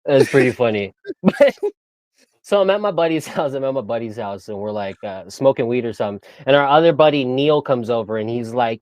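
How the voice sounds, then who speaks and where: A laid-back young man spinning casual stories in loose slang, breaking into laughs as he mimics other voices. His voice sits at a medium pitch and sounds close and dry, with no room echo. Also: fairly quick, darkish tone. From San Diego area. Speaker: guest. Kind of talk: casual storytelling.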